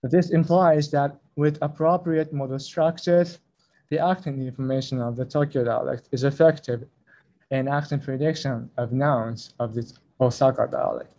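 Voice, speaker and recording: A man presents a research talk at a conference. His voice is mellow and dark, at a middling pitch. He moves carefully through his slides and spells out each acronym letter by letter. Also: steady tone, moderate pace, rough recording.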